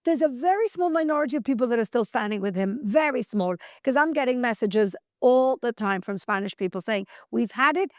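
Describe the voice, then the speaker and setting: Woman, news host, opinion commentary, emphatic, scolding, slightly high voice, dry studio sound. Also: animated, no room sound. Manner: emphatic and scolding, with slowed, stressed words.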